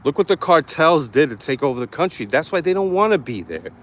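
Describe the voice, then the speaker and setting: A man's voice: on the high side, sing-song, brisk, slight background noise. A young man from New York City giving a blunt, aggressive commentary full of profanity and street slang. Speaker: online commentator. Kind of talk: ranting commentary.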